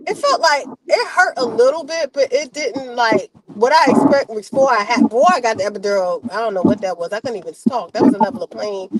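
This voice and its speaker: A woman's voice: a little fast, a crowd in the background. A woman in casual chat, animatedly telling her own birth story. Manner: animated storytelling, emphatic swings in pitch. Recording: noisy recording.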